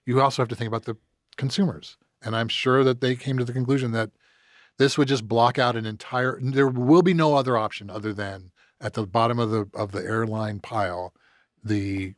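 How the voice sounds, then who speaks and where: A man's voice: lowish voice, dry recording. Dry-sounding man, profane podcast banter. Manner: profane, animated storytelling. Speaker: producer and panelist. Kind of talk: casual podcast chat.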